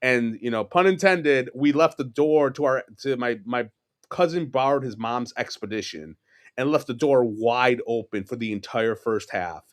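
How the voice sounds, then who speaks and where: A man's voice: mid-range voice, moderate pace. A man in his forties with a New York accent, a podcast guest telling rambling stories in casual chat, swearing and laughing as he goes. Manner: rambling, swears freely, laughs mid-story.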